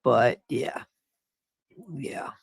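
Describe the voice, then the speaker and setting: A woman hosting a live stream, chatting casually and excitably with her viewers. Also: very slow. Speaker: streamer host.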